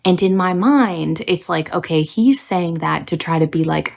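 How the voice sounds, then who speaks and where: A woman's voice: fairly low pitch, unhurried, creaky. A young adult woman hosting a casual book review video, ranting with plenty of swearing. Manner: ranting, profane, animated.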